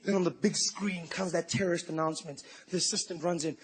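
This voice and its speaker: A man performing a stand-up routine in an animated, rambling way, with frequent asides to the audience. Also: fairly high pitch, fast talker, hardly any pauses, breathy edge. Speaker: stand-up comedian.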